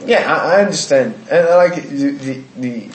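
A man's voice: medium pitch, normal speed. A man with a Brazilian accent who speaks English as a second language, stumbling and repeating words as he searches for phrasing in casual chat. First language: Portuguese. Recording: echoey room, faint noise.

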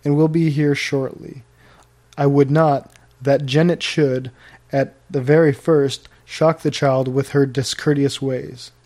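A man's voice: medium pitch, flat delivery, takes it slowly, darkish tone, lightly acted. A man reading the lines of an earnest, grave Puritan husband in formal, old-fashioned speech.

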